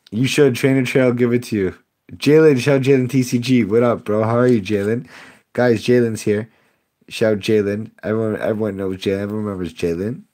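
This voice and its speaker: A man's voice: lowish voice, fairly even intonation, brisk, mellow. A young man live-streaming card pack openings, chatting with viewers, sarcastic and laughing often. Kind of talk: casual live-stream chat.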